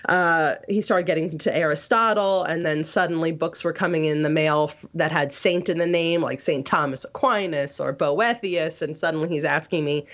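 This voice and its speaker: A woman's voice: low voice, normal speed, hardly any pauses. A woman telling her story in a casual interview, rambling, with many restarts and fillers. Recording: dull lo-fi audio.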